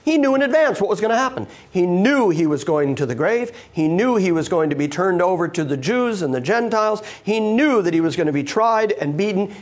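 A man preaching a sermon to a live congregation, emphatic and full of rhetorical questions put to the listeners. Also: high-pitched. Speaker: pastor.

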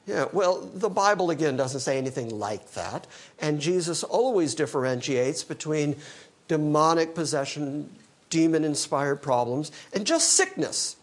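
A male pastor preaching an expository sermon, animated and teaching verse by verse, with dry humor. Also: fairly high pitch, a little slow. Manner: animated, quoting scripture in character, dry humor.

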